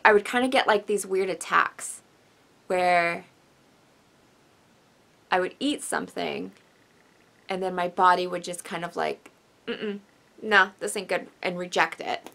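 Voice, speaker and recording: A woman's voice: on the low side, vocal fry, sharp tone. A young woman vlogger telling a personal story in a rambling, emotional way, sighing and apologizing, tearful at times.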